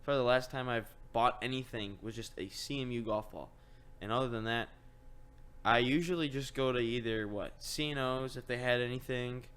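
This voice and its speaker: A man's voice: mid-range voice, fairly quick, a bit bright, clear, resonant tone. A young man hosting a podcast, chatting casually and rambling through stories, his voice climbing as he retells his own frustration. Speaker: podcast host. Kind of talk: casual chat.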